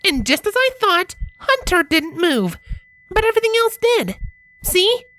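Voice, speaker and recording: A man voicing a clever young female unicorn mage with brisk, matter-of-fact, snippy replies in a fan story reading. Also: very high-pitched, wildly swooping pitch, pushed and bright, voice pushed up, exaggerated voice. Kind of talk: audiobook fanfiction reading.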